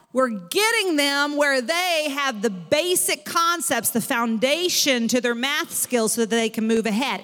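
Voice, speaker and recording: A woman pastor preaches to her church in a lively, emphatic way. Her voice sits high and sounds bright and clear. It rings out with a long hall reverb behind it. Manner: animated preaching with rising emphasis. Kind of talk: sermon.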